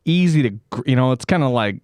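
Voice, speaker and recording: A man's voice: medium pitch, expressive, quick pace, a little mellow, smooth, no echo. A man co-hosting a comedy podcast, riffing loosely, swearing and acting out silly voices. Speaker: podcast co-host. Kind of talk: casual comedic chat.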